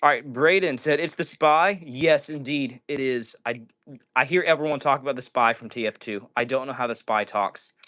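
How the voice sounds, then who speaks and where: A man's voice: mid-range voice, normal speed, sharp tone. Upbeat man reading out chat on a stream. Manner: reads chat comments aloud and answers them, upbeat. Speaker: livestream host. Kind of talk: casual live-stream chat.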